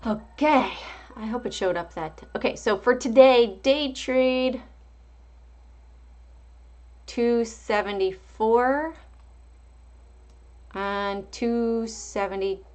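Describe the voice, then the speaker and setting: A chatty woman hosting a livestream gives casual live market commentary, calling out stock and price levels and answering viewer chat. Her voice is fairly high and a little mellow, and she speaks slowly with long pauses.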